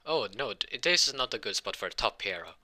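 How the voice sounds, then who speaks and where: A big-hearted male top hero, booming and flustered, with a forceful, bright edge, as a young man puts him on. He sounds lower than most men and tells a fan-made story. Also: animated, slow pace, full character voice.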